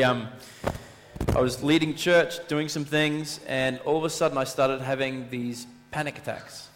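Animated male pastor in a reverberant hall. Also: on the high side. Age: adult, married. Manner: animated storyteller, acts out voices, repetition for emphasis. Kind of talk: sermon. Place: church hall. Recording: long reverb of a church hall.

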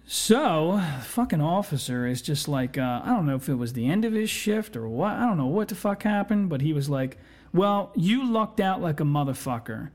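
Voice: medium pitch, expressive, fairly quick, few pauses, a little mellow. A podcast host telling a long personal story casually, swearing constantly and rambling with fillers.

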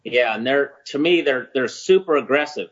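A man chatting casually as a guest angler, halting and relaxed with plenty of fillers. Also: medium pitch. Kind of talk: casual chat. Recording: dull, muffled sound.

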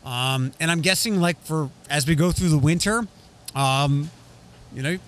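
A man's voice: fairly high pitch, a little slow. A man hosting a casual podcast chat, rambling with frequent restarts. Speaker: radio host.

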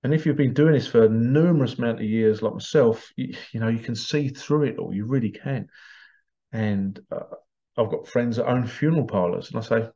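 A man's voice: mid-range voice, normal speed, mellow. A man, talking in a rambling, emphatic monologue and repeating his points. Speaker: hypnotherapist giving his views. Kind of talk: casual monologue. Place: small stuffy room. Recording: slightly dull lo-fi sound.

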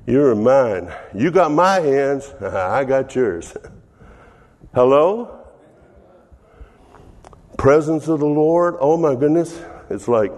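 A man's voice: medium pitch, very animated, slow, long pauses, darkish tone, big-room sound. An older man preaching as a pastor, laughing often and dropping to a whisper in prayer. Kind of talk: sermon.

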